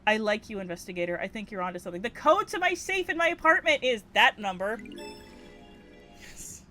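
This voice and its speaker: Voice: medium pitch, expressive, fairly quick, pushed and bright, soft background music. A woman voicing a violent, brash troublemaker who talks bluntly and swears.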